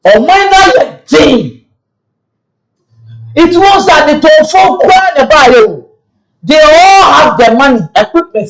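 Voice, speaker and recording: Animated man rambling in pidgin. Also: very high-pitched, rough recording. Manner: animated, rambling, switching between languages. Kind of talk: casual commentary in pidgin and local languages.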